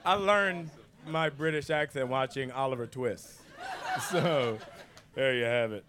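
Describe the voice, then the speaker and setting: A man's voice: mid-range voice, measured pace, a crowd in the background, background noise. A man on a panel joking around playfully.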